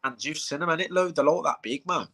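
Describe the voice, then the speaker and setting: Swearing man telling animated stories. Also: a little high, fast. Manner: animated storyteller, heavy swearing, acts out quotes. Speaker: bare-knuckle fighter. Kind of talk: casual live-stream chat.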